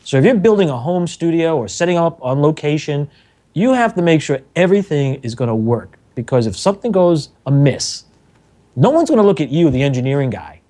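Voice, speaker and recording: A middle-aged man, a radio engineer, telling lively anecdotes on a talk show and acting out the quotes. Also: fairly high pitch, fairly quick. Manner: animated storyteller, acts out quotes, laughs often.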